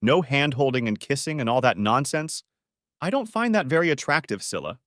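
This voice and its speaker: Level-headed questioning wife voiced by a male reader, raised pitch, lively tone. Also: fairly quick, no echo, clean studio sound. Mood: thoughtful. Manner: calm, thoughtful questioning. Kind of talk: dramatic story reading.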